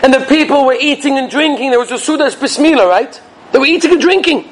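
A man teaching in a yeshiva, giving a sermon full of stories, animated and dramatic, sprinkling Yiddish and Hebrew words. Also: extremely high pitch, fast talker, rough recording. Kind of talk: sermon with storytelling.

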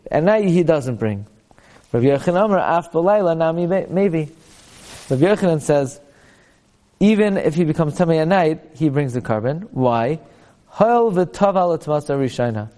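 A man's voice: on the high side, lively intonation, normal speed, warm tone. A man teaching a Talmud class. He chants passages aloud and then explains them in plain English.

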